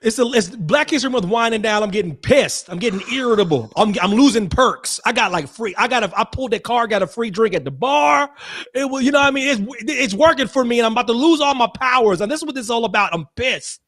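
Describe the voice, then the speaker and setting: Man, podcast host, casual chat, animated, high pitch, very lively. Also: fast. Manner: animated, excitable, jokes and laughs often.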